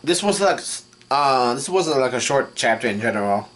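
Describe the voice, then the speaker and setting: A man acting as host, retelling a comic chapter in a halting way and reading the characters' lines out in an even voice. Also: mid-range voice. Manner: halting, reads out dialogue in an even voice. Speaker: manga reaction host.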